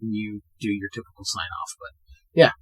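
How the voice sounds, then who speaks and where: A man co-hosting a podcast, casually recapping a film scene by scene and acting out characters' lines in quick put-on voices. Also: lowish voice, husky. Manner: retells scenes with animated quoted voices. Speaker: podcast co-host. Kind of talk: casual movie recap chat.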